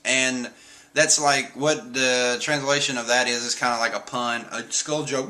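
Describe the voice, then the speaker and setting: A man casually recapping a manga chapter on a live stream, animated and slipping into quick squeaky voices for the characters. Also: low-quality recording. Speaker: host reviewing manga chapters.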